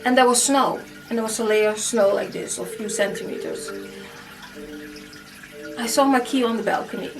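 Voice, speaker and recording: A woman casually telling a personal ghost story to camera, animated and full of "like" fillers. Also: a little high, normal speed, pauses often, distant mic, over music, rough recording. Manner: animated, acts out her own past reactions, many "like" fillers. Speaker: storytime YouTuber.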